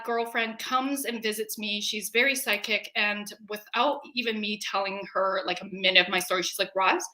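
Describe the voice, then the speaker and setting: A woman in her forties telling a personal story in a casual, animated way, acting out her own scared reactions. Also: fairly high pitch, reverberant. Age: 40s. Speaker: webinar guest.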